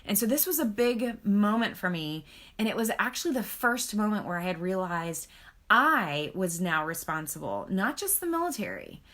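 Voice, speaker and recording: A woman's voice: medium pitch, very animated, moderate pace, a bit bright. A woman marriage counselor speaking on a live stream, talking earnestly and encouragingly, checking in with her viewers and reading out their comments. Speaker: marriage counselor and author hosting a book club live stream. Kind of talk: casual teaching on a live video stream.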